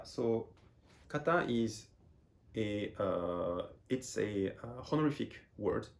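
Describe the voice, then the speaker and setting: A man from France with a fairly low voice teaching a beginner class. He explains patiently and circles back over his phrases as he works through each point. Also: creaky, a little mellow. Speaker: Japanese teacher. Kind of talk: explaining lesson.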